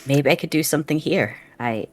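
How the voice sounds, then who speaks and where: A player at a live tabletop game who speaks hesitantly, with many pauses and ums. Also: medium pitch, soft background music. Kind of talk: casual play at a tabletop game on a stream.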